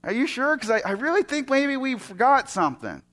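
A preacher putting on a young son's anxious raised voice. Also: male voice, sing-song, brisk, fairly bright tone, full character voice. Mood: worried. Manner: raised pitch, hesitant questions. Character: young son, anxious and hesitant.

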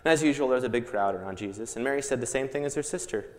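A man's voice: mid-range voice, rapid-fire, a little mellow. A playful man runs a children's Bible lesson, coaxing his audience along. His voice sits in a middle register. A long reverb from a church hall hangs after each line. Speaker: children's Bible program leader. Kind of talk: lively kids' Bible lesson with skit. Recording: echoey hall.

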